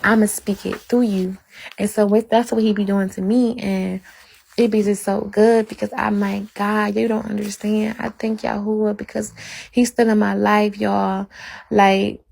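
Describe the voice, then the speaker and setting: A woman's voice: medium pitch, little pitch movement, unhurried, vocal fry, darkish tone. A woman fervently sharing a religious testimony, preaching and repeating phrases for emphasis. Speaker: guest.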